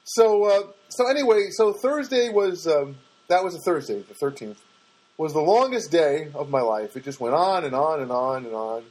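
Husky man telling a rambling story. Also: lively intonation, moderate pace, a little mellow, rough recording. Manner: rambling, self-mocking, mimics others in a high voice. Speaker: podcast host and stand-up comic. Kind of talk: casual storytelling monologue. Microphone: podcast microphone.

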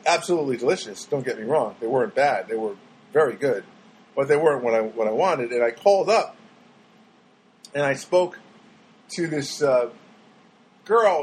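A man's voice: mid-range voice, a little hiss or hum, poor audio. A man vlogging in a casual, rambling monologue that keeps swinging into exasperated rants.

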